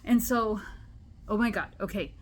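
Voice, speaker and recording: A woman telling a personal spiritual story to camera in an animated, chatty way. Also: medium pitch, measured pace. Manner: animated, chatty, acts out quoted voices. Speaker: spiritual vlogger. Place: indoor room at home.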